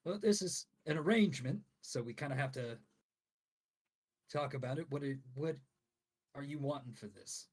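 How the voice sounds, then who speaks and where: A man voicing a blunt middle-aged mine owner who speaks gruffly in a tabletop game. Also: medium pitch, normal speed, pauses often, darkish tone, voice pushed up, lightly acted. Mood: businesslike.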